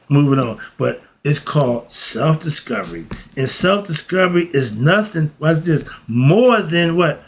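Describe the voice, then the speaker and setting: A man's voice: on the high side, creaky. A man teaching philosophy in a casual, emphatic way, often throwing rhetorical questions at his listeners. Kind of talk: casual spoken lesson.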